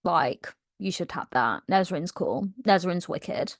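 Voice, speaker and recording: A woman's voice: fairly low pitch, animated, slow, no echo, studio quality. A woman voicing a playful young heroine who casually teases a friend. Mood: teasing. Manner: casual, teasing.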